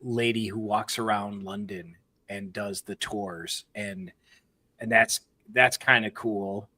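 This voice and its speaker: A man's voice: on the low side, fairly even intonation, slow pace, pushed and bright. A man talking casually as a podcast guest, rambling and laughing as he tells stories. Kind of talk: casual chat.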